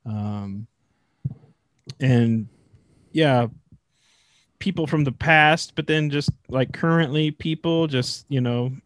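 A man's voice: mid-range voice, slow pace, pauses often, no echo. A man co-hosting a podcast as a religious brother, telling rambling stories in casual chat, full of fillers. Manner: rambling storyteller, many fillers.

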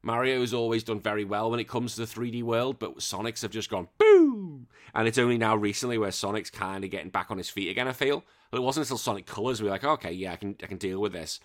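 Male podcast host, bright voice, excitable, rambling, swears a lot. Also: lowish voice, fast talker, hardly any pauses. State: recovering from illness. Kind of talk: casual chat.

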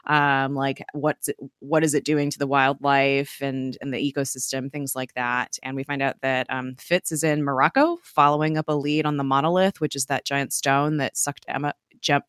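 A young woman with a notably low-pitched voice recaps a TV episode in a loose, chatty style. She fills her talk with ums and acts out the characters' lines with laughing asides. The sound is dry and close, with no room echo. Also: little pitch movement, moderate pace, hardly any pauses, a bit bright, clean tone. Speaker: podcast co-host recapping a TV episode. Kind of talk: casual chat.

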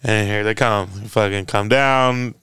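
A man's voice: lowish voice, a little slow, smooth, dry recording, clean studio sound. A man co-hosting a casual sports talk show, telling a story and acting out what people said with a lot of swearing. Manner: animated storytelling, acts out quotes in a raised voice, swears freely. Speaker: podcast co-host. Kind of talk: casual chat.

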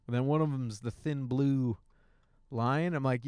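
Young guy doing a solo podcast while driving, loose crude storytelling, keeps laughing, mid pitch clean voice. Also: a little slow, gravelly, no room sound, clean studio sound. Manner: animated storyteller, crude jokes, laughs often. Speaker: podcast host. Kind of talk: casual solo rant. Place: in a car, driving.

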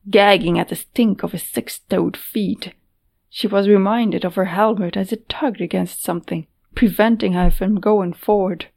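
A woman narrating a fantasy audiobook in a measured, steady way. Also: mid-range voice, creaky.

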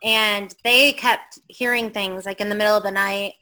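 A middle-aged woman with a bright, lively tone tells a ghost story in casual conversation. She rambles with fillers and slips into the voices of the people she quotes. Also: medium pitch, normal speed, poor audio. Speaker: guest telling a ghost story.

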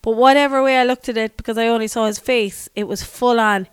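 A wry Irish woman of forty, talking casually on a podcast in a smooth, clear voice with a slightly high pitch. She laughs easily and goes soft and low when she acts out her own thoughts. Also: steady tone, quick pace. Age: 40s. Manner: wry, laughing, drops to a soft muttering voice when quoting herself. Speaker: podcast co-host. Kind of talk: casual chat.

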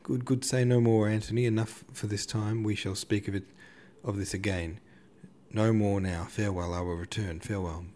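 A man's voice: low voice, fairly even intonation, brisk, few pauses, darkish tone, a little hiss or hum, close to an everyday voice. Man reading as a pleading melodramatic suitor. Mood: wheedling. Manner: solemn, imploring, overwrought.

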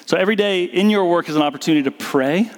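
A pastor with a high voice preaches at a rapid-fire clip in a church sanctuary, earnest and conversational, full of fillers and restarts. The recording carries church hall reverb with guitar music.

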